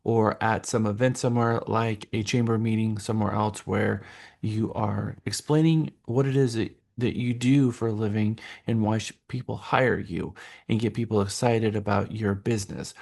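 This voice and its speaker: A man's voice: on the low side, fairly even intonation, normal speed, vocal fry, a little mellow. A man leading a live real estate workshop and giving instructions to participants, talking in a directive, stop-and-start way with fillers.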